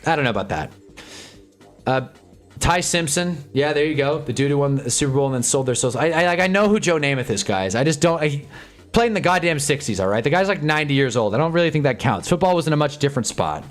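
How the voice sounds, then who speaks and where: A man hosting a live stream, chatting casually and sarcastically in a rambling, animated way, reading chat and reacting as he goes. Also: on the high side, fast, faint music behind. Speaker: livestream host.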